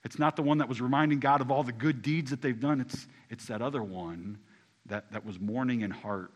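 A pastor preaches briskly in casual, everyday language, speaking straight to the congregation. His delivery swings from hushed, low lines to loud, rising ones.

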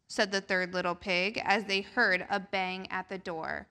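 A woman reading a picture book aloud to children during a church service, slow and expressive. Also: medium pitch, clean tone. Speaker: children's storyteller.

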